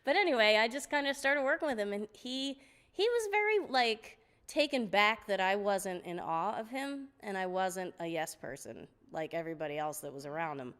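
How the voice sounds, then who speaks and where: A middle-aged woman, a guest singer, recounts her stories with animated energy, laughing often and slipping into the voices of the people she quotes. She sits at a mid-range pitch, and the recording carries a long, lingering hall reverb. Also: normal speed, clean tone. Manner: lively storyteller, laughs often, acts out quotes. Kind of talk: storytelling interview.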